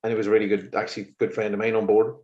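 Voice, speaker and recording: In a casual interview, a musician with a fairly low voice races through exasperated anecdotes, laughing as he goes. The room is audible and the sound slightly muffled.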